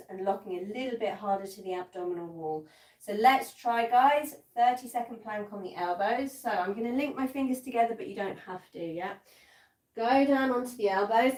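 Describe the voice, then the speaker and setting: A woman's voice: medium pitch, a little mellow. A woman teaching a live pilates class, counting reps aloud and giving encouraging cues while she demonstrates, a little out of breath. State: slightly out of breath. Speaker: pilates instructor. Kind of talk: live-streamed workout class instruction. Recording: echoey room, voice from a distance.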